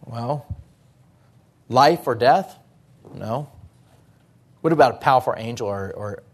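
A pastor preaching a sermon in church, talking through scripture in a conversational way with rhetorical questions. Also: male voice, mid-range voice.

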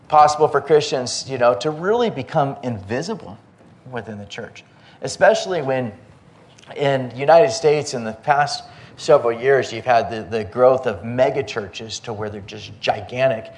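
Man preaching a conversational sermon. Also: mid-range voice. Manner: conversational, anecdotal preaching with many restarts. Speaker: pastor.

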